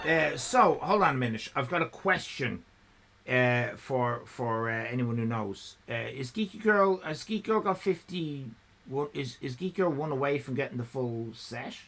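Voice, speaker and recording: A man's voice: medium pitch, lively intonation, moderate pace, fairly bright tone. A man hosting a live stream in casual chat, rambling, laughing and thanking viewers. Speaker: livestream host.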